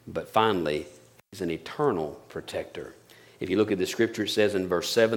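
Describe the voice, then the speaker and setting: A middle-aged man preaching a sermon, with emphatic, repetitive phrasing that drops to soft, intimate tones. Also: on the low side, brisk. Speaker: pastor.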